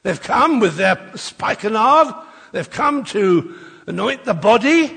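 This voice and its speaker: A man's voice: high-pitched, animated, takes it slowly, gravelly, a bit bright, husky, big-room sound. An older man preaching an Easter sermon, rousing and leading the congregation in call-and-response.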